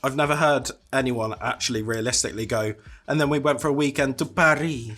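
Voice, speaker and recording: A co-host chatting while tasting sweets, relaxed and agreeable with a teasing streak. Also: male voice, mid-range voice, fast talker. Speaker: co-host of a snack-tasting channel. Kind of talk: casual chat, taste-testing sweets.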